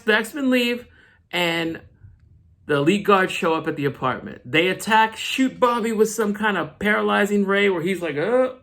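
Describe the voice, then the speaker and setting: A man's voice: fairly high pitch, fairly bright tone. Male comic vlogger, casual recap, playful slangy commentary. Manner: joking, slangy asides. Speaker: comic book reviewer.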